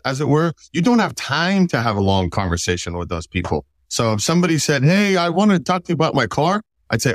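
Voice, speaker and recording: Earnest low-voiced man, dry close sound. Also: dry recording. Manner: earnest, emotional, animated when quoting others. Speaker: auto shop owner, guest. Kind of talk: casual interview conversation.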